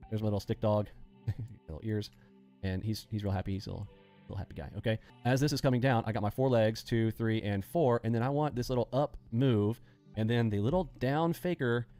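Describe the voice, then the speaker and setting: A man hosting a live day-trading lesson, animated and acting out panicking traders with sound effects as he explains. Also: on the low side, fairly quick, faint music behind. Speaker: day trading instructor and host.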